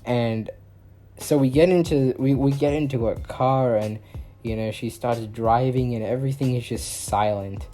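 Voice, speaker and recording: A man's voice: mid-range voice, normal speed, warm tone, faint music behind. A young man vlogger telling a story in a rambling way, full of fillers. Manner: rambling, filler-heavy casual talk. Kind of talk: storytime vlog.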